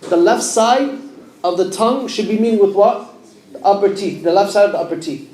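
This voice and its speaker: A man's voice: high voice, fairly quick, darkish tone. A man teaching Quran pronunciation in a mosque class, sounding out letters and quizzing his students with questions. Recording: echoey room.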